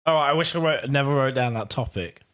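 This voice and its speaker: A man in the middle of his range chats easily as a podcast co-host. His voice is a little hoarse and worn, and he keeps a laid-back, self-mocking tone with quick laughs. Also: medium pitch, fairly bright tone. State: slightly hoarse, losing his voice. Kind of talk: casual chat.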